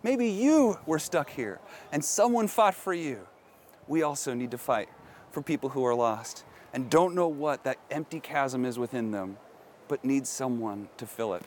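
A middle-aged pastor preaching outdoors, earnest and musing aloud with questions. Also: male voice, medium pitch, lively intonation, unhurried, a little mellow, a little hiss or hum. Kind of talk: outdoor sermon. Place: outdoors at a historic site.

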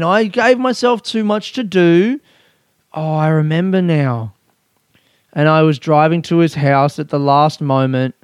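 A man's voice: on the high side, no echo, studio quality. A man hosting a casual solo podcast, rambling and self-mocking, with frequent swearing. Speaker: podcast host.

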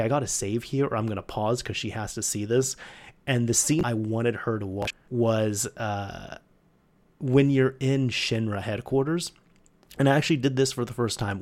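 A man hosts a solo podcast, chatting casually about games. His speech rambles easily and often breaks into laughter. His voice sits at an ordinary middle pitch. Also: a little mellow. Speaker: podcast host.

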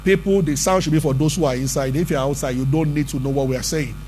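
A man with a notably high voice preaches a midweek sermon. He speaks emphatically and conversationally, pressing his points with rhetorical questions, while faint music sits underneath. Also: fairly even intonation, quick pace, darkish tone. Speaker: pastor.

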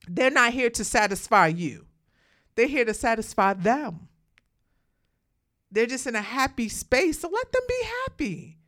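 A woman's voice: fairly high pitch, a bit bright. A woman talking straight to her viewers in a casual, outspoken monologue, calling them "hunties" and preaching about letting people be happy. She mentions having the hiccups. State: has the hiccups.

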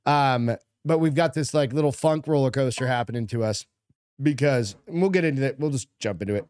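A man's voice: mid-range voice, a little fast, darkish tone, smooth, no echo. A middle-aged man co-hosting a podcast, joking around in casual chat and swearing a lot. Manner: crude, joking, profane. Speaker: podcast co-host.

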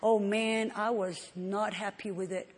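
A woman preacher giving an emotional, expressive testimony in a sermon. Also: medium pitch, a little slow, husky. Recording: long hall reverb.

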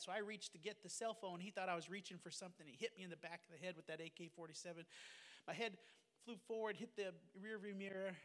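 A man with a high-pitched voice recounts a personal testimony as a pastor and missionary. He speaks earnestly, fervently and with plain emotion. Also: a bit bright, big-room sound. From United States.

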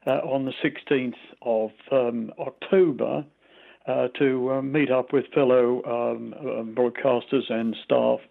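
Gravelly old Australian man on a phone line. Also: mid-range voice, steady tone. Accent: mild Australian. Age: 80s. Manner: rambling, halting with many fillers. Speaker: retired radio presenter, guest. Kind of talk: reminiscing interview.

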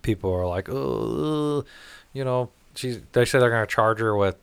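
A man's voice: fairly low pitch, fairly quick, clean tone, no room sound. A man from the St. Louis area talking bluntly in a casual podcast chat, swearing and laughing often. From St. Louis area, United States.

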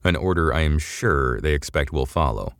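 Gruff, exasperated starship captain in a sci-fi audio serial, voiced by a man, very deep voice. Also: animated, normal speed, dry recording, clean studio sound, heavily acted. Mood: urgent. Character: tough male starship captain, gruff and weary.

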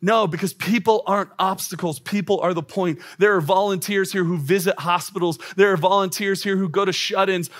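A pastor in his thirties preaches a sermon in a church auditorium, emphatic and repetitive, his exclamations rising. His voice is high with a fairly bright tone.

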